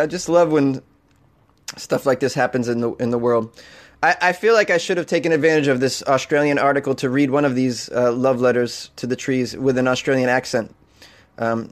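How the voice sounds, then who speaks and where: A man hosting a talk show, chatting casually, laughing often and making sarcastic remarks. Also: mid-range voice. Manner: laughing, sarcastic, easily amused. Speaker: show host.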